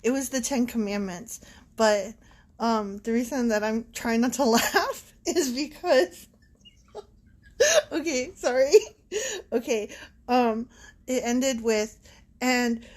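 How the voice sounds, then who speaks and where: A woman's voice: a little high, lively intonation, takes it slowly, long pauses. A woman co-hosting a podcast, chatting casually with playful, giggly banter. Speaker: podcast co-host. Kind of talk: casual chat.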